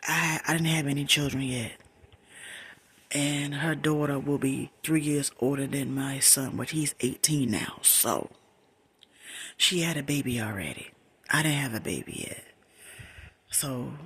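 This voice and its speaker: A middle-aged woman telling a personal story in a soft, breathy whisper, emphatic and conversational, repeating words for stress. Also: deep voice, a little slow, long pauses.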